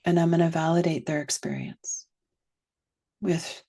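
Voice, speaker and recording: A woman teaching a guided reflective lesson, slow and gentle, sometimes dropping to a soft whisper. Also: low-pitched, steady tone, creaky, husky. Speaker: wellness teacher.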